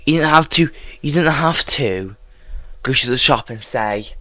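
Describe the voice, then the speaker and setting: A man's voice: mid-range voice, lively intonation, measured pace, pushed and bright. A man hosting a casual solo podcast, rambling and sighing as he talks straight to the listener. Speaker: podcast host.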